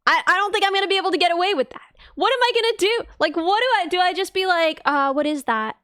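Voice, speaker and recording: A woman's voice: extremely high pitch, racing, bright, forceful tone, no room sound, studio quality. A young woman, chatting casually on a live stream, giggly, rambling and self-mocking. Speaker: VTuber streamer.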